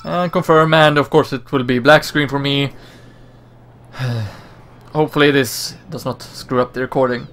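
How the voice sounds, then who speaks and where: A man hosting a let's play, giving relaxed, casual commentary with mumbled asides. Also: medium pitch, normal speed, pauses often.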